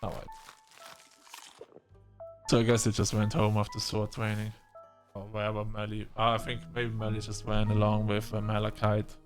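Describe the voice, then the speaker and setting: A man's voice: on the low side, monotone, normal speed, pauses often, soft background music. Tired-voiced male game streamer. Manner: chatty, laughing, swears offhandedly. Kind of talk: casual let's-play commentary.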